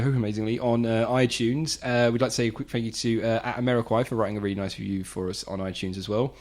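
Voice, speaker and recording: A man's voice: mid-range voice, steady tone, fast talker, hardly any pauses, darkish tone. A man hosting a casual podcast chat about video games, jokey and teasing with his co-hosts. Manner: jokey, teasing, wraps up with sign-off plugs. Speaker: podcast host.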